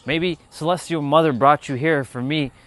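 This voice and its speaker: A man's voice: a little high, fairly even intonation, normal speed, fairly bright tone. A man hosting a livestream, chatting casually and playfully repeating a word he finds funny. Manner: playful, repeats words and laughs at them. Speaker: livestream host.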